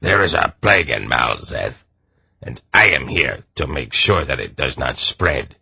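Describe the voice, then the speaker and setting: A pompous little army captain, suspicious and smug, barking short clipped questions, as a man reads him. The voice sits very low with a husky edge and a bright bite, recorded dry and close. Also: big pitch swings, unhurried, no echo, heavily acted.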